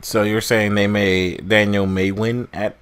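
A man's voice: fairly low pitch, level tone, unhurried, clean tone. A man co-hosting a casual wrestling podcast, blunt and swearing, who slips into mocking impressions. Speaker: podcast co-host.

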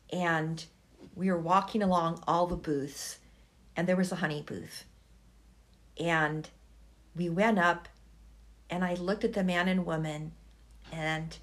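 Slow, low-voiced woman telling a memory. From United States. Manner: slow, reflective, emotional. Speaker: guest. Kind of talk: personal storytelling.

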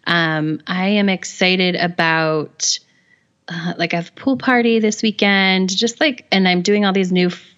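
A woman's voice: mid-range voice, moderate pace, hardly any pauses, fairly bright tone. A woman co-hosts a podcast in easy, bubbly conversation, full of enthusiasm and scattered likes and ums. Her voice sits mid-range, and the recording of it sounds slightly dull and muffled. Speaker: podcast co-host. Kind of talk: casual chat.

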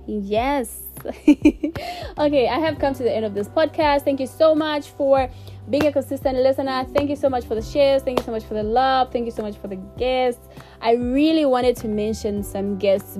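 A woman's voice: fairly high pitch, fairly quick, soft background music. A young woman hosting her own podcast who talks emotionally and effusively, laughing to hold back tears as she thanks her listeners. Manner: warm and effusive, repeats thanks. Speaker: podcast host. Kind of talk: casual solo podcast outro.

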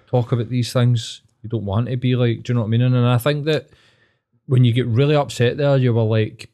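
A Glaswegian man co-hosts a podcast in easy, supportive chat, calling his friend "mate" and trailing off into fillers. His voice sits at an ordinary middle pitch. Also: warm tone. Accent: Glaswegian Scottish. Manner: supportive and matey, full of fillers like "do you know what I mean". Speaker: podcast co-host.

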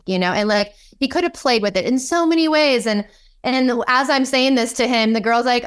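A woman guest on a podcast, telling a story in a lively, enthusiastic way and acting out the voices in it. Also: fairly high pitch, moderate pace, smooth. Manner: enthusiastic, acts out quoted dialogue. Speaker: podcast guest, kink coach. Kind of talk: conversational storytelling.

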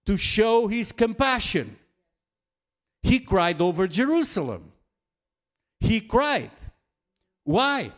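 A man delivering a sermon at an unhurried, deliberate pace. His voice sits a little higher than most men's. He speaks earnestly and now and then lets out a soft laugh. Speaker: preacher.

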